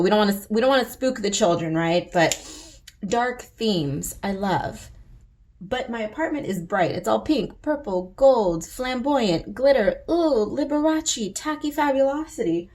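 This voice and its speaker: A woman's voice: medium pitch, lively intonation, normal speed. A young woman chatting playfully and theatrically to her viewers while she colors. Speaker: coloring channel host. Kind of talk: casual chatty coloring vlog.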